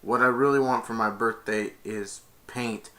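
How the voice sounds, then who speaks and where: A man's voice: mid-range voice, steady tone, unhurried, fairly bright tone, natural voice. A man retelling a cartoon and voicing a sheltered young woman locked in a tower, speaking her lines earnestly and defiantly.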